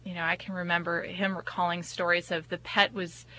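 A woman veterinarian talking through pet care in a measured way, with frequent ums and pauses. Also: on the low side, level tone, pushed and bright, poor audio. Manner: measured, hesitant with many ums. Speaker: veterinarian guest. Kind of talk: casual discussion.

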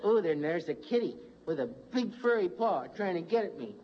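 A man's voice: sits high, big pitch swings, moderate pace, dull audio, slight background noise. A man voicing a small, frantic male mouse caught in a trap, whimpering and babbling in a stand-up comedy bit. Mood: whimpering, pained. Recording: old live comedy record, loud audience laughter.

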